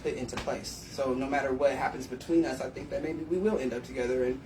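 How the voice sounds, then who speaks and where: A woman hosting a live stream, telling stories in a blunt, profane, animated way. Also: extremely low pitch, fast, noisy background. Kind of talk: casual live-stream storytelling. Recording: echoey room, distant from mic.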